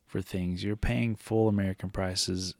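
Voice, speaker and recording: Man, low gravelly voice, casual podcast co-host, rambling jokey talk, dry close sound. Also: steady tone, measured pace, darkish tone, no room sound. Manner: rambling, jokey, talks over partner. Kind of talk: casual chat.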